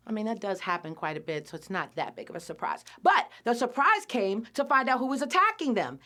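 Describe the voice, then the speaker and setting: A woman's voice: fairly high pitch, a little fast, hardly any pauses. A woman hosting a podcast, casually recapping a cartoon episode and acting out the characters' lines with lots of laughs. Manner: animated storyteller, acts out characters' lines, laughs often.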